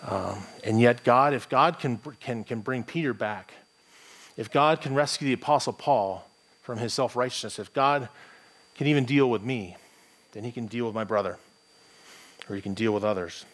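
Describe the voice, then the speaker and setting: A man's voice: mid-range voice, moderate pace, a bit bright. A man with a plain American accent, a pastor preaching a morning sermon in a conversational, thinking-aloud way with frequent restarts. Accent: General American.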